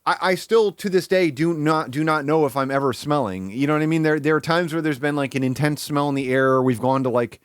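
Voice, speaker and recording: A man's voice: fairly high pitch, fairly quick, hardly any pauses, clean tone, no room sound, clean studio sound. A young man streaming live, talking casually and rambling, with many restarts and fillers.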